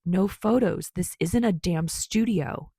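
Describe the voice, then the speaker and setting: A woman doing a gruff swearing young baker. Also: on the low side, animated, a little slow, a little mellow, no room sound, clean studio sound, exaggerated voice. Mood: snapping. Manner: snapping, curt, swearing.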